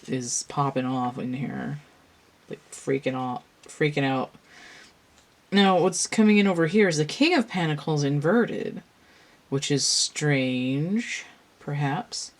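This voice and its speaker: A woman giving a casual tarot reading in a rambling, slangy way, with a lot of "like" and free swearing. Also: low voice. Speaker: tarot reader.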